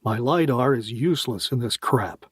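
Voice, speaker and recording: A man voicing a steady, matter-of-fact ship captain. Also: medium pitch, normal speed, breathy edge, no room sound, studio quality, natural voice.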